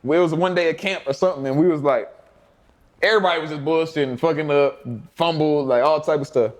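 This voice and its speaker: A man's voice: fairly high pitch, fast talker. A young man telling laid-back, profane stories as an interview guest, often laughing and acting out his coaches' voices. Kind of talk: casual storytelling.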